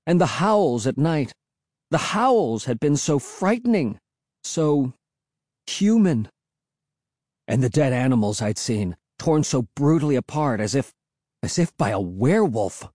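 An audiobook narrator reading a first-person story with suspenseful, expressive delivery. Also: mid-range voice, unhurried, dry recording, clean studio sound.

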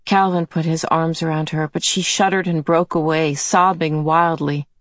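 A woman narrating a novel in a calm, measured reading voice. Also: low-pitched, dry recording. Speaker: audiobook narrator. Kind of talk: scripted narration.

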